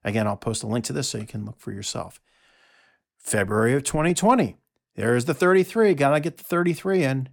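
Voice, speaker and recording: A man with a gravelly, creaky voice delivers a solo monologue, reading from his notes. He is emphatic and sarcastic, stressing his points and tossing in quick asides. His pitch sits in an ordinary middle range. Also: animated. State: out of breath. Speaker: podcast host.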